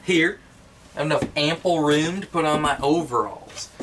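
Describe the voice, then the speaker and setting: A man's voice: fairly high pitch, normal speed, fairly bright tone, slight background noise, natural voice. An actor playing a dim-witted, cheerful male secretary in a mockumentary comedy, earnest and rambling.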